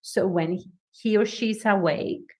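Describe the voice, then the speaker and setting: A woman speaking with a foreign accent as a guest coach in a podcast interview, animated and emphatic, laughing often. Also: medium pitch, unhurried.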